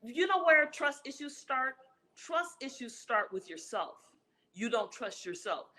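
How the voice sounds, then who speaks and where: Bright, emphatic woman relationship expert. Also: sits high, very animated, unhurried, poor audio. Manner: emphatic, preacher-like, repeats key phrases. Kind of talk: conversational interview answers.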